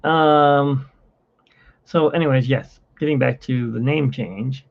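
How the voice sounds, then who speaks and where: A man's voice: mid-range voice, slow, gravelly. A man hosting a casual livestream from his phone, rambling and chatty with frequent laughs, in dull lo-fi phone audio. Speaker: livestream host.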